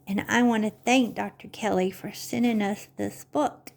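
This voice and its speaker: A woman hosting a children's story time, speaking gently and encouragingly to young listeners like a teacher. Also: medium pitch, steady tone, normal speed, gravelly.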